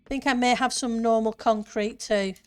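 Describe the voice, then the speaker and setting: A woman's voice: a little high, fairly even intonation, normal speed, clear, resonant tone. A woman streamer chatting casually with her viewers and answering chat while she plays a building game. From northern part of her country.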